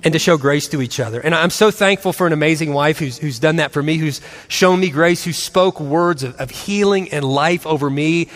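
Animated high-voiced man in his forties. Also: normal speed, few pauses, big-room sound. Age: 40s. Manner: animated, acts out voices and laughs often. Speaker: christian speaker and husband. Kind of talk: storytelling talk.

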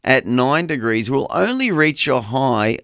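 Male breakfast radio co-host, chatty and playful, mid-pitched, dry close studio sound. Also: big pitch swings, unhurried, fairly bright tone, no room sound. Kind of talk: casual radio banter.

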